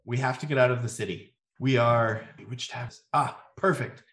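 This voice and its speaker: A man voicing a quick-witted male guide who talks in a brisk hurry. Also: mid-range voice, steady tone, a bit bright, roomy sound, lightly acted. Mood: urgent.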